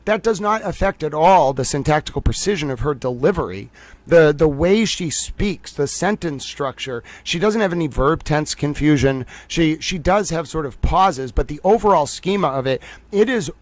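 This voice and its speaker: A man with a Boston accent hosting a commentary stream, talking fast and digressively with lots of fillers and restarts. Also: on the high side, expressive, no echo. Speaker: commentary livestream host. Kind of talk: casual analytical commentary.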